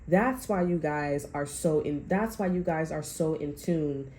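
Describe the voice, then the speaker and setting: A woman's voice: low voice, measured pace, a little mellow, slight background noise. A woman giving a casual, loose tarot reading to her viewers, swearing freely and talking through restarts. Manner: loose and profane, chatty, fillers and restarts. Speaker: tarot reader.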